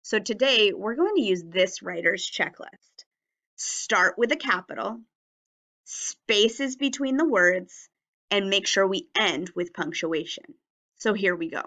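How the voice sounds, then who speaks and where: A woman teaching young children in a recorded lesson, sounding out words with deliberate, careful enunciation. Her pace is unhurried and very slow, and her voice has a bright, crisp tone. She speaks in a mid-range pitch typical of a friendly classroom instructor. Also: expressive. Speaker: elementary teacher. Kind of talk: phonics and writing lesson video.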